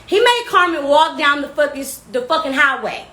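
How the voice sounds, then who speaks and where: A young woman from telling a wild storytime vlog, loud and animated, laughing, with casual slang and plenty of swearing. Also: high voice, normal speed. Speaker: vlogger. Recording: echoey room with faint ambience.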